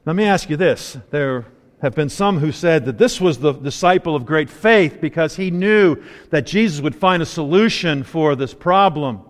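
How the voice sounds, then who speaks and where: Male preacher, relaxed storyteller who voices the characters, lively and bit high, reverberant room. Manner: conversational, playful storytelling with voiced asides. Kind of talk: sermon.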